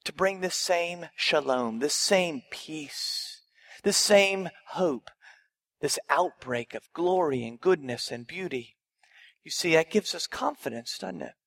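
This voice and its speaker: A man's voice: fairly high pitch, takes it slowly, vocal fry, fairly bright tone. A male pastor preaching a sermon, emphatic, with rhetorical questions and repeated phrases.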